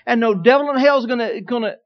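A man preaching a sermon, telling a personal story in a folksy way, swinging from quiet asides to emphatic declarations. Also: extremely high pitch, fast, dull audio. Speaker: pastor.

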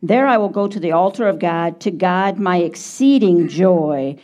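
A woman reading scripture aloud in a steady, measured way during a sermon. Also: fairly low pitch. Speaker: scripture reader.

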